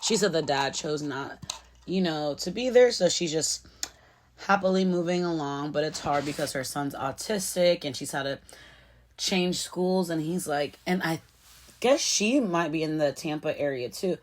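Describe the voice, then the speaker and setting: Low-voiced woman in a chatty recap. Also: moderate pace, a little hiss or hum. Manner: chatty, animated, addresses viewers as y'all and girl. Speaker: show recap vlogger. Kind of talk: casual reality-show recap chat.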